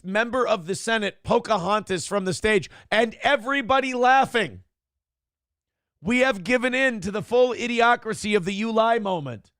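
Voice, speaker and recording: High, gravelly man ranting bluntly. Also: fairly bright tone, dry recording, clean studio sound. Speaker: morning show host. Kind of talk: live show commentary reacting to news and chat.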